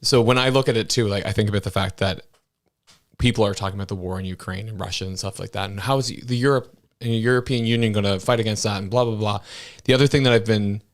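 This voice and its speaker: A man's voice: on the low side, steady tone, fast. Chatty man co-hosting a political talk show. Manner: loose and chatty, many "like" fillers, chuckling. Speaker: co-host of a political talk stream. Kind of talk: casual political chat.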